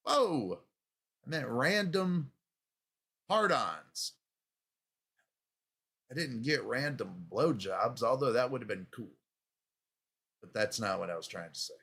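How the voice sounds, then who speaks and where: Slow, crude ranting man in his fifties. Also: medium pitch, animated, vocal fry, pushed and bright, slightly rough. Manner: crude, rambling, profane, laughing at himself. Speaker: show host. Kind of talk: comedic rant.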